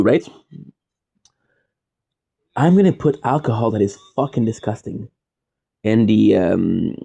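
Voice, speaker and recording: Rambling man, mellow voice. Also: medium pitch, creaky, breathy edge, highs cut off. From Quebec, Canada. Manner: rambling, jokey, goes off on side tangents. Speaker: streamer. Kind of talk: casual rambling monologue.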